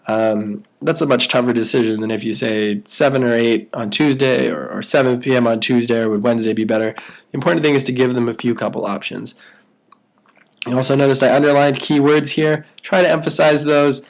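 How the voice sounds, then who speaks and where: A man's voice: mid-range voice, brisk, vocal fry. Man coaching a sales call. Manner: upbeat, persuasive salesman patter. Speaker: sales trainer. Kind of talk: training walkthrough with role-played sales calls.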